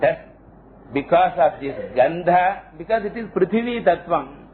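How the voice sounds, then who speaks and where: A man giving a scriptural lecture, explaining slowly and chanting Sanskrit terms. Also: high-pitched, animated. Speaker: teacher of scripture. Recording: tinny phone-like lo-fi audio, faint hiss.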